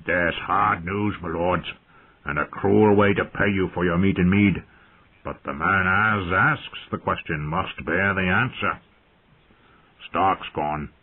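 Picture a sour old soldier grunting out hard news at his own slow pace, as a man puts him on. The voice sits low and husky, in no hurry. It comes through a thin, phone-like band. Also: heavily acted. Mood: grim, blunt. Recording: narrow phone-like sound.

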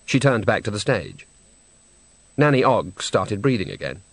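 A man's voice: fairly low pitch, very animated, unhurried, no echo. A man narrating a comic fantasy novel in a wry, storytelling manner. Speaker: audiobook narrator. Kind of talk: scripted narration.

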